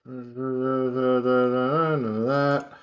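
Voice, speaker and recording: A man playing a tabletop game, speaking slowly and deliberately. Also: mid-range voice, little pitch movement, highs cut off. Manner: slow, deliberate. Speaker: player. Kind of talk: casual tabletop play.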